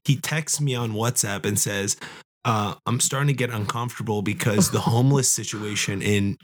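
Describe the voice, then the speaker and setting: Male podcast co-host, husky voice, casual and reactive. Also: on the low side, steady tone. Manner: reactive, quick interjections. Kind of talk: casual chat.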